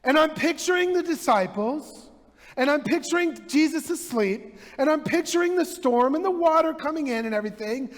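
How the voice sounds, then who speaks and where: High-voiced, slow-talking pastor in reverb. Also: male voice, lively intonation. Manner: casual, chatty storytelling with many fillers. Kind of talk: sermon. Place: church sanctuary.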